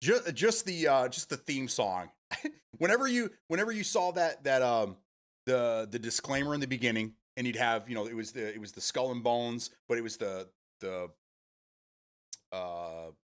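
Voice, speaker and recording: A man's voice: medium pitch, moderate pace. A man hosting a live stream, chatting casually with viewers, rambling and swearing freely as he answers chat.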